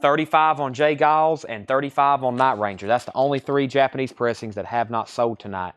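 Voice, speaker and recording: A man's voice: mid-range voice, brisk, fairly bright tone, clear, resonant tone. A man hosting a live-stream record sale, talking in breezy, joking sales patter with repeated catchphrases.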